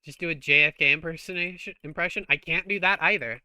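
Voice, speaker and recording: A man's voice: a little high, fast, sharp tone, smooth, no room sound. A man streaming a game, chatting casually while he plays, joking and swearing freely. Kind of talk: casual gameplay chat.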